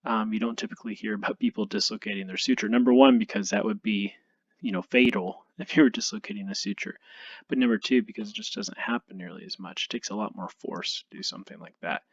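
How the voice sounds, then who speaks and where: A male anatomy instructor giving a recorded lecture over slides, relaxed and self-deprecating, thinking aloud with frequent ums. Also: lowish voice, quick pace, creaky, breathy edge, no room sound, highs cut off. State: tired, yawning.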